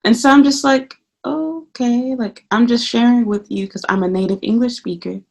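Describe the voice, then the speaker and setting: A woman's voice: on the high side, moderate pace, creaky. A woman who teaches English in Japan talks to the camera in a casual vlog. She curses freely and acts out her own remarks as she tells the story. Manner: profane, animated storytelling.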